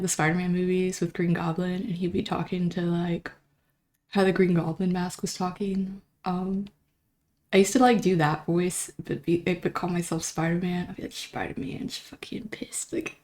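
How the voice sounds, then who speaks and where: A woman's voice: lowish voice, darkish tone. A young woman hosting a livestream, chatting casually in a rambling, self-deprecating way, her throat still a little sore. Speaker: livestream host. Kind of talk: casual chat.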